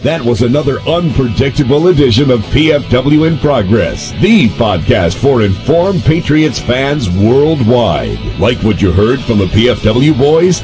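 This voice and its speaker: A man reading a scripted promo at the end of a podcast. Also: mid-range voice. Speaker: announcer.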